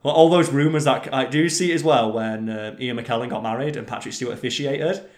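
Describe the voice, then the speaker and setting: A man chatting casually on a podcast, telling stories in an animated way and swearing freely. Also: mid-range voice, a little fast. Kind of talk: casual chat. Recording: roomy echo.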